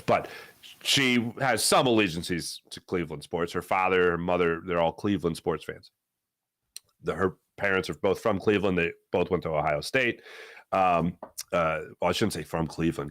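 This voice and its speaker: A middle-aged man hosting a live sports talk show, answering chat in a rambling, animated way. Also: dry recording, studio quality. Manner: animated, rambling, swings between low asides and loud bursts.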